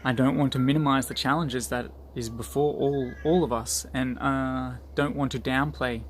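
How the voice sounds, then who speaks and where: A man's voice: medium pitch, fairly even intonation, normal speed, slight background noise. A man giving an earnest motivational talk to his group, repeating phrases for emphasis. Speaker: group leader.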